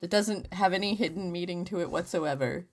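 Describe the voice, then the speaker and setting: A woman co-hosting a podcast in casual comedic banter, quick with dry, mock-serious comebacks. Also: lowish voice. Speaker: podcast co-host.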